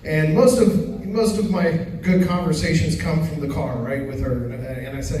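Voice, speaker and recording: A man's voice: on the high side, normal speed, hardly any pauses, warm tone, slight background noise. A middle-aged man doing a stand-up set at an open mic, telling stories in a conversational way and acting out the dialogue. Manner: conversational storytelling, acts out dialogue. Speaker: stand-up comedian. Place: comedy venue stage. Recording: echoey venue from far off.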